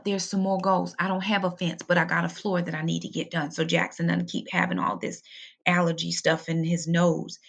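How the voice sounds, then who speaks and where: A woman's voice: lowish voice, creaky, fairly bright tone. A middle-aged woman, talking casually and emphatically to camera about her family budget in a vlog, encouraging her viewers. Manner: chatty, emphatic, preachy and encouraging. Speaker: budgeting vlogger, single mom.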